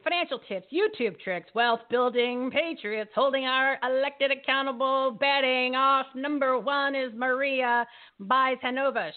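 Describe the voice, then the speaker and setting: A woman hosts a live show with punchy, rallying energy. Her voice sits a little high. It comes through a tinny, phone-like line. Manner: energetic, emphatic, rallying the audience. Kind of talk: casual live show talk.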